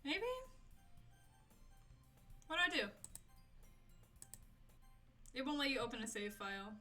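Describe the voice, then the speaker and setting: A young adult woman streamer giving live gameplay commentary, excitable, swearing and laughing often. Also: fairly high pitch, unhurried, faint music behind. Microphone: desk mic, no camera.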